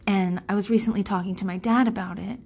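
A woman in her thirties talks straight to her listeners in a loose, rambling monologue, swearing casually as she goes. Her voice sits in a middle pitch and leaps upward whenever she mimics someone else. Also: quick pace, gravelly, husky. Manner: rambling, frank, swears freely; animated, jumps in pitch when quoting people. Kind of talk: candid personal monologue.

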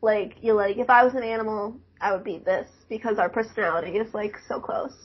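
A woman's voice: medium pitch, steady tone, fairly quick, breathy edge. A young woman chatting casually, laughing often and filling her talk with "like". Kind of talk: casual chat. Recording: dull lo-fi recording.

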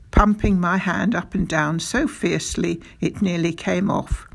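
Slow, gravelly storybook narrator. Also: medium pitch. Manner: unhurried, even storytelling. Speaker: audiobook narrator. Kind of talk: first-person storybook narration.

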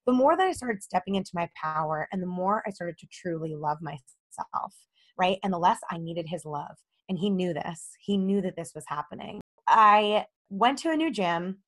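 A young adult woman, a relationship coach, candidly telling a personal story in a podcast interview and acting out the dialogue in it. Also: a little fast. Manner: animated, acts out quoted dialogue with rising pitch.

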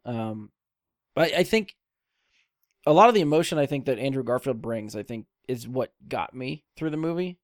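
Male podcast host, mid-pitch, keen and casual, dry close mic. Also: animated, moderate pace, no room sound. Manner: enthusiastic, swears casually. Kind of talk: casual film discussion.

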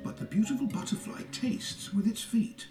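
An actor playing a quiz host in a children's game, reading rhyming true-or-false questions. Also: male voice, sits high, moderate pace, music in the background, natural voice. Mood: playful. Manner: sing-song, reads rhyming questions. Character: lively male quiz host of a kids' game. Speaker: quiz announcer. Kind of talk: scripted game narration.

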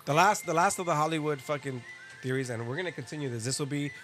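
A podcast host with a slightly high, fairly bright voice speaks quickly over soft background music. He tells a casual story loaded with swearing, asides, and lots of laughing.

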